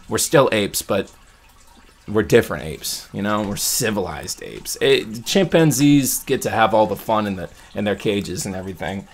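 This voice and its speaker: A man with a fairly low voice talks through a casual vlog check-in. He vents in a rambling, heated way, often starting a sentence over before finishing it. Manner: rambling, heated venting with restarts. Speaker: vlogger.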